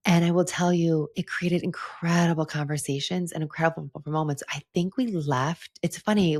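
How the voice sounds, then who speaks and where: Woman podcast host, middle-aged, earnest and gentle, low husky voice, dry close sound. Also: dry recording. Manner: earnest, gentle, spiritual, with soft laughs and "like" fillers. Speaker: podcast host and retreat leader. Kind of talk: reflective solo podcast talk.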